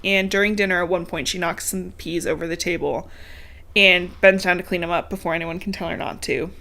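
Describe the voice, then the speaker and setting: A woman's voice: on the low side, steady tone, a little fast, creaky, pushed and bright. A woman co-hosting a podcast, recapping a book in a casual, chatty way, with lots of swearing and laughter. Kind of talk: casual chat. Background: a dog heard now and then.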